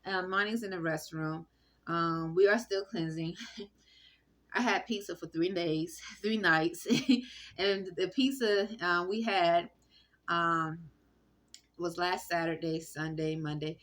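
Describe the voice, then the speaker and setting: A woman with a bright, sharp-edged voice talks straight to her phone in a loose, meandering monologue. She halts, restarts and fills gaps with ums as she goes, speaking from inside a room. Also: fairly low pitch, steady tone. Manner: halting, many fillers and restarts. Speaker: vlogger. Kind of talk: rambling personal monologue. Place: indoor room. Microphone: phone recording.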